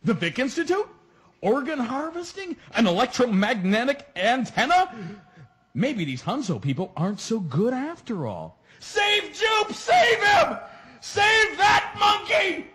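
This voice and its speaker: An actor playing a tipsy, goofy male sidekick announcer who gives a wide-eyed comic recap with sudden shouts. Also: very high-pitched, sing-song, normal speed.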